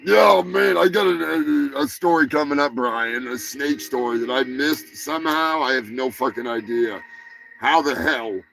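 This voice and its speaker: A man's voice: medium pitch, unhurried, gravelly, a bit bright, soft background music. A man hosting a comedy news show, rambling through crude jokes and profane asides. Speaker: host. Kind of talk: casual comedy chat.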